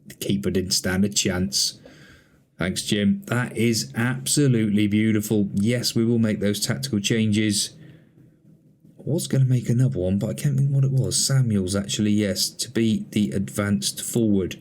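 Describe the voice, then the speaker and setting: A man's voice: lowish voice, moderate pace. A man playing a football management game, commenting on the matches in chatty mock broadcast style and talking to an imaginary co-commentator. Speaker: gaming channel host.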